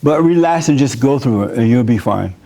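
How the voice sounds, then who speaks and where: A pastor giving an informal church sermon, talking conversationally, laughing often and telling personal stories. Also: male voice, mid-range voice, animated, fairly quick, dark tone.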